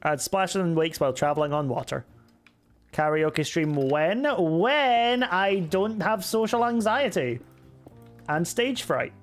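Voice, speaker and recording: A young man with a Scottish accent chats his way through a live game stream, picking up viewer comments and laughing at himself. His voice sits a touch higher than most men's, with soft music playing faintly underneath. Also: animated, slow. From Scotland. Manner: chatty and self-mocking, reads chat messages aloud and answers them. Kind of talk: casual live-stream chat while gaming. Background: faint background music.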